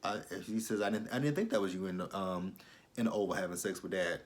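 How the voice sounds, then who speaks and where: Blunt low-voiced man recapping a show. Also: quick pace. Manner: blunt, profane, incredulous asides. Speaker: TV episode reviewer. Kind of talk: casual recap vlog.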